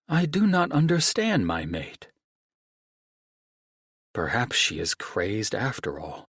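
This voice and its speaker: Brooding possessive male dragon, read by a man; husky, animated delivery, dry booth sound. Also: fairly low pitch, no echo, exaggerated voice. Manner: grave, measured, formal phrasing. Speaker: audiobook narrator. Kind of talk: first-person audiobook narration.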